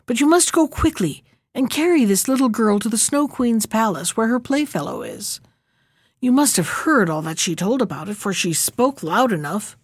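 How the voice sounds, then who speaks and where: A woman's voice: fairly high pitch, animated, normal speed, no echo, clean studio sound. A woman voicing a fierce, bossy little robber girl in a storybook reading, with a commanding, threatening manner.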